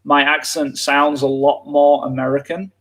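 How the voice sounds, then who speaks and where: A man's voice: fairly high pitch, level tone, normal speed, fairly bright tone. A man from England, chatting casually on a live lesson and filling his talk with "like". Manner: casual, lots of filler "like". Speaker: English teacher.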